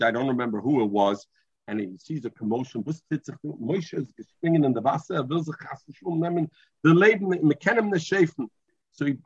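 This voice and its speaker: A man's voice: mid-range voice, breathy edge, no room sound. A man teaching a Talmud class, mixing English with Hebrew and terms and often restarting his sentences. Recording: dull lo-fi recording.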